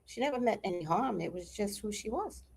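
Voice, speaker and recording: An older woman hosting a casual stream, telling animated stories with laughter and blunt swearing. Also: mid-range voice, fairly quick, creaky, husky. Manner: animated, laughing, salty-tongued storyteller. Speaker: livestream host. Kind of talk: casual chat.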